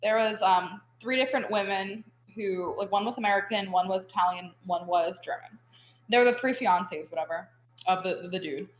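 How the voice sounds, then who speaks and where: A young woman talks as a podcast guest, with an easy, chatty flow that runs on filler words. Her voice sits at a middle pitch. The sound carries a noticeable room echo. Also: normal speed. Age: young adult. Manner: chatty, full of "like" fillers, animated storytelling. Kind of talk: casual podcast interview. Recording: roomy echo.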